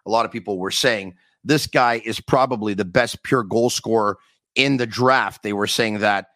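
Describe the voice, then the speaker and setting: A man's voice: on the low side, moderate pace, sharp tone, no room sound. A man hosting a sports talk podcast, talking emphatically and repeating his points for effect. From Canada. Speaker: podcast host.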